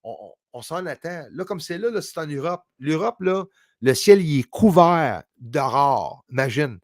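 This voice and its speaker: A man's voice: on the high side, expressive, moderate pace, no room sound, clean studio sound. A man from Montreal, hosting a live stream and casually thanking his viewers as he signs off, switching between French and English. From Montreal, Canada.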